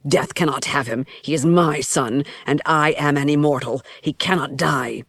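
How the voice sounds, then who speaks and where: A proud, grieving immortal man, stiff and formal in his speech, read by a woman. The voice stays low and close, with no room around it. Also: moderate pace, no room sound. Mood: grave. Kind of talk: audiobook character voice.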